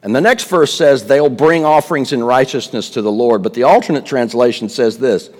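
A man's voice: mid-range voice, brisk, a little mellow, long reverb tail. A pastor preaching a sermon to his congregation, emphatic and asking them questions as he teaches.

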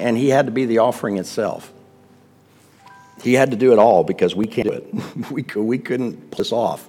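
A man's voice: fairly low pitch, lively intonation, moderate pace, warm tone, husky, in a large hall, faint music behind. A pastor preaching a sermon to his congregation, emphatic and asking them questions as he teaches.

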